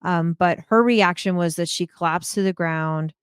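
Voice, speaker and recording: A woman with a low, smooth, resonant voice, talking through a crime case at a measured, hesitant pace. She often pauses on "um" while she thinks. The sound is close and dry. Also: no room sound. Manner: thoughtful, hesitant, frequent "um". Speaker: true crime podcaster. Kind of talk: casual podcast discussion.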